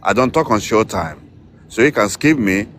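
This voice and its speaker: Low-voiced man, curt and dismissive, speaks deliberately. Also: animated, a bit bright, slight background noise. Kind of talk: heated online debate.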